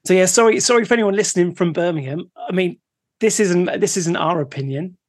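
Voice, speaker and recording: A man co-hosting a casual podcast, easygoing and quick to laugh as he shares facts. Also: sits high. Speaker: podcast co-host.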